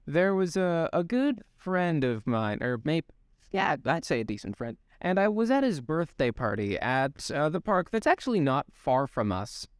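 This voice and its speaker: A man's voice: on the high side, clean tone, dry recording, clean studio sound. A man chatting on a podcast in a hesitant way, often restarting his sentences. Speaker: podcast co-host. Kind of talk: casual chat.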